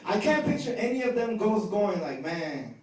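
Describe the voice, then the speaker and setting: High-voiced man doing stand-up. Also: lively intonation, brisk, far from the mic, slight background noise. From Chicago. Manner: casual, conversational, keeps asking "right?". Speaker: stand-up comedian. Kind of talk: stand-up comedy set. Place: comedy club stage. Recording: roomy live club sound from off mic with loud crowd laughter.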